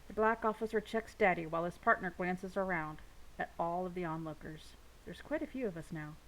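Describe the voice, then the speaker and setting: A woman reading a novel aloud with steady first-person narration. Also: on the low side, brisk, low-quality recording. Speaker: audiobook reader.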